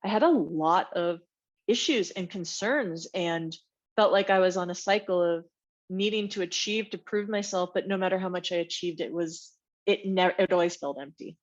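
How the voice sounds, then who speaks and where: A woman's voice: lowish voice, moderate pace. Candid woman telling a personal story. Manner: candid and reflective, acts out quoted voices. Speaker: guest. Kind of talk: personal story in a podcast interview. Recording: dull, slightly lo-fi sound.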